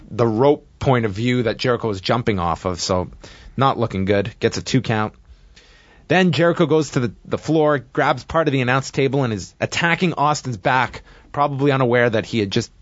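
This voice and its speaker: A man casually recapping a wrestling match play by play, with steady narration and frequent fillers. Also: mid-range voice, no room sound, muffled recording.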